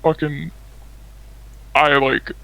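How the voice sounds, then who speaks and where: A man's voice: a little high, level tone, very slow, gravelly, pushed and bright, poor audio. A man, the anonymous guest, telling a personal story casually with lots of fillers and swearing. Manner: fillers and swearing, acts out quoted lines. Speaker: anonymous interviewee.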